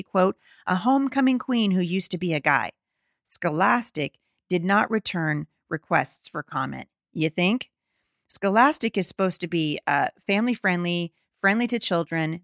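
Gravelly-voiced indignant woman commentator. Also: on the low side, fairly bright tone, no echo, studio quality. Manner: indignant and emphatic, with stumbling restarts. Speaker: podcast host. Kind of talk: opinion commentary, reading an article aloud.

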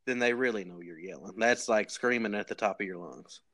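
A man's voice: fairly low pitch, a little fast. A man with a Kentucky drawl who talks in loose, folksy rambles. He plays his comic boasts completely straight and keeps restarting his sentences. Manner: rambling, folksy, deadpan tall tales with many restarts. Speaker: podcast guest posing as a communication expert. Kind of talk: comedic podcast banter.

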